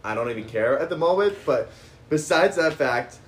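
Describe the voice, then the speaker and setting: A young man casually telling a story to friends, animated and teasing. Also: a little high, moderate pace. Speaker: co-host. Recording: faint background noise.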